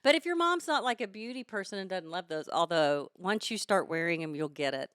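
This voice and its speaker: A woman's voice: lowish voice, lively intonation, brisk, a bit bright, clear, resonant tone, no echo, clean studio sound. A middle-aged mother co-hosting a podcast, giving thoughtful, earnest advice in casual chat.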